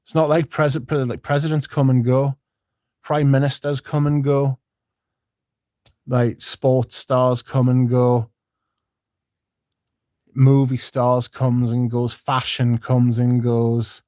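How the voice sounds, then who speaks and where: Streamer, low-key rambling host reading chat, warm darker voice, dead-dry mic. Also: male voice, flat delivery, slow pace, long pauses, no echo. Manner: rambling, laid-back, swears freely. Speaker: livestream host. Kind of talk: casual livestream chat, reading comments.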